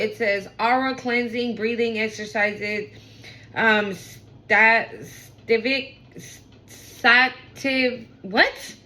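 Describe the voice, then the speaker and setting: A woman giving a casual spiritual reading to her viewers, talking fast and excitably with lots of slang and casual swearing. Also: on the high side, low-quality recording.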